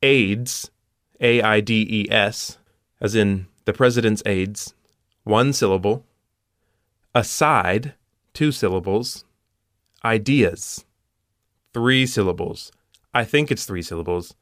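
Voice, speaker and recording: A man's voice: on the low side, takes it slowly, pauses often, fairly bright tone, dry recording. A man hosting a puzzle show, walking through solutions step by step with dry punning asides.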